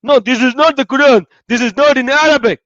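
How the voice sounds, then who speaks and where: A man putting on shrill outraged shouting men. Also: sing-song, normal speed, dry recording, muffled recording, full character voice.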